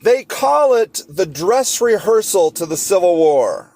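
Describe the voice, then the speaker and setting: A man hosting a solo podcast, talking with passion and sarcastic rhetorical questions, halting often with fillers and restarts. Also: high voice, very animated, darkish tone. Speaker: podcast host.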